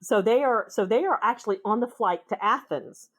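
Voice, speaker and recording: Woman with a Minnesota accent, chatty guest, animated anecdote-teller. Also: a little high, moderate pace. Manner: animated, acts out voices in her anecdotes. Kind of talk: casual storytelling conversation.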